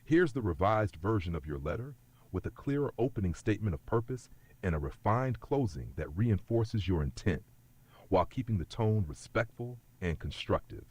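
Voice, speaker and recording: Man, deep voice, husky, formal letter reading, measured, polite. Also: lively intonation, darkish tone.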